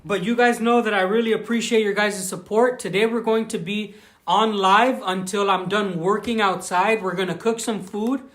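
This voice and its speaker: High-voiced Southern Californian man livestreaming. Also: steady tone, normal speed, fairly bright tone. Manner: chatty, thanks viewers, frequent restarts and fillers. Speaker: livestream vlogger. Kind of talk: casual live-stream chat. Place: outdoors on a rural plot.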